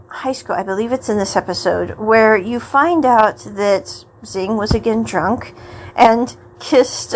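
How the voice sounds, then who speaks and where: Chatty woman podcast host, higher voice. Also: slight background noise, poor audio. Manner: chatty and rambling, often laughs mid-sentence. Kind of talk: casual episode recap.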